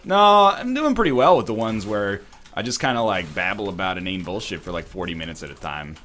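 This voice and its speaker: A man's voice: on the low side, animated, brisk, a bit bright, slight background noise. A man hosting a let's play, chatting casually at home with a wry, sarcastic banter while he plays. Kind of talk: casual chat over gameplay. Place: apartment.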